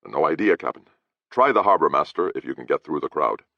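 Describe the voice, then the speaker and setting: A man's voice: a bass voice, expressive, brisk, no echo, heavily acted. A man voicing a loyal, cautious male harbor guard with old-fashioned speech, talking in a confiding way, in a dry, slightly dull recording.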